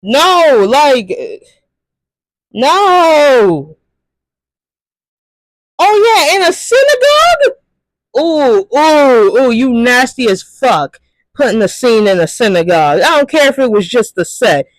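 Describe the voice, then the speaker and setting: A man's voice: very high-pitched, very animated, slow, pauses often, dry recording, rough recording. A man ranting in a profane, exasperated movie commentary, firing off rhetorical questions. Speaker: commentary youtuber.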